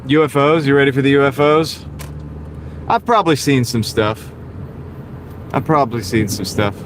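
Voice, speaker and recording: A bit of hiss or hum sits under the mid-range, moderately paced voice of a delivery driver live-streaming from his car. He chats casually and jokes with viewers between orders, using a wireless clip-on mic.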